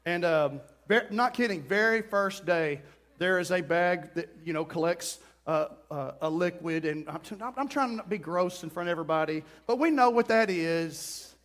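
A middle-aged man preaching a sermon, telling a story with lively, acted-out quotes and sudden outbursts. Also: sits high, moderate pace. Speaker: pastor.

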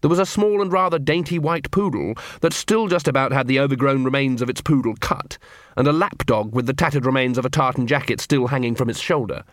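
A man narrating an audiobook, telling a comic story in an even, dry manner on a close studio mic. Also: mid-range voice, fairly quick, no room sound. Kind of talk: scripted narration.

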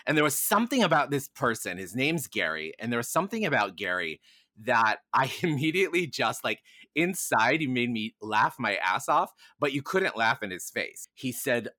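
A man, a podcast guest, telling a candid personal story in a frank, animated way and swearing casually. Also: mid-range voice, normal speed, dry recording, clean studio sound.

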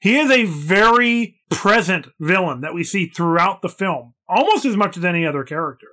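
A man's voice: high voice, expressive, normal speed, pushed and bright. A man co-hosting a casual film podcast, emphatic and analytical, with some casual swearing. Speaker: podcast co-host.

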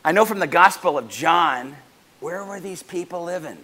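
A man pastor preaching a sermon to his congregation, animated and joking with them as he goes. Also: on the high side, normal speed.

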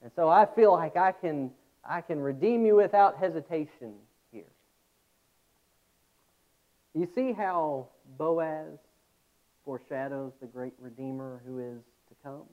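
A man preaching a sermon, earnest, with reflective pauses. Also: a little high. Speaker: pastor. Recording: tinny phone-like sound.

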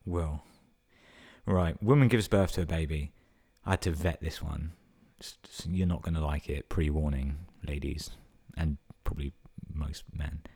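Man, very low voice, podcast host, crude, swears a lot, reads stories aloud. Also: steady tone, moderate pace, dark tone, husky. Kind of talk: casual reading and chat. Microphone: podcast microphone.

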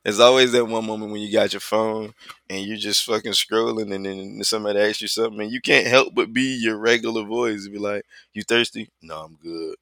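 A man co-hosting a casual podcast chat, loud and laughing, breaking into mocking voices. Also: on the low side, level tone, brisk, no room sound. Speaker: podcast co-host.

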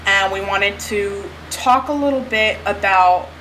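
A woman's voice: medium pitch, a little slow, fairly bright tone, rough recording. Rambling, laughing female podcast co-host. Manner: rambling, repeats phrases, laughs often. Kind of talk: casual chat. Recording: background noise on the track.

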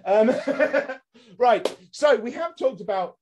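A man's voice: extremely high pitch, slow, noisy background. A man hosting a casual podcast chat, ranting with comic exasperation and swearing freely. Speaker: podcast host.

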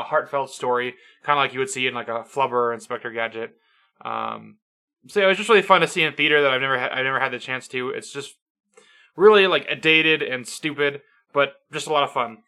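A man's voice: medium pitch, bright, forceful tone. A man in casual chat reviewing a movie, easygoing and chatty with lots of um and like. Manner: easygoing, lots of fillers, laughs along. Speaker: co-host.

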